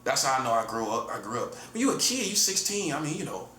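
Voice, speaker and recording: A man's voice: medium pitch, very animated, fast talker, bright, forceful tone. A man in his forties with a defiant, taunting manner, talking in a solo monologue and repeatedly addressing his listener as "buddy.". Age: 40s. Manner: taunting and repetitive, keeps saying "listen, buddy"; defiant, chuckles between points. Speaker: self-styled prophet streamer. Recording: roomy echo with faint room noise.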